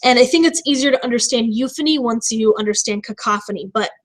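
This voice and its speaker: A woman teacher giving a recorded vocabulary lesson, explaining terms with frequent pauses and restarts. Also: on the high side. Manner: explanatory, with many fillers and restarts.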